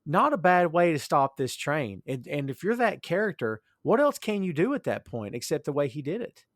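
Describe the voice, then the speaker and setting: A man's voice: fairly high pitch, big pitch swings, moderate pace, no echo, studio quality. Chatty, agreeable podcast cohost man. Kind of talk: casual podcast chat.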